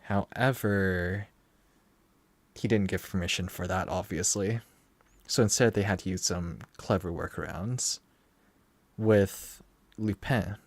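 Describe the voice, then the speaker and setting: A man streaming a game, chatting casually and musing in a relaxed way. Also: deep voice, slow pace, pauses often, no echo. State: tired, head throbbing. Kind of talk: casual gameplay commentary.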